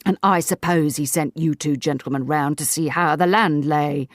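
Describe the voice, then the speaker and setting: A woman voicing a calm, firm, sharp-tongued old lady. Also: low-pitched, normal speed, no room sound, clean studio sound, lightly acted.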